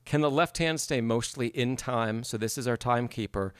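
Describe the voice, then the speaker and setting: A man's voice: mid-range voice, moderate pace. A man giving an encouraging piano masterclass on a live stream, explaining phrasing and humming passages aloud. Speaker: piano teacher.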